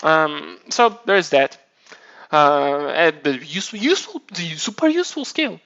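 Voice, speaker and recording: A man's voice: on the high side, sing-song, a little slow, gravelly, a bit bright, muffled recording. A man casually chatting on his live stream, rambling and swearing, often restarting his sentences. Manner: rambling, profane, self-mocking, many restarts.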